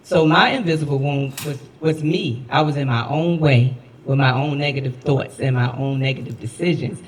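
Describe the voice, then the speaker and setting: A man speaking on a panel discussion, jovial and quick to laugh. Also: mid-range voice, slight background noise, rough recording. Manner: jovial, laughs while telling a story.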